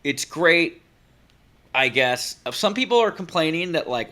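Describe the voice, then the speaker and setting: A young man co-hosting a casual podcast, his voice bright and pushing forward. He gets fired up and swears freely, running through his points in quick, animated bursts. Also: high-pitched. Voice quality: excitable, profane, fast bursts. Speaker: podcast co-host. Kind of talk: casual chat.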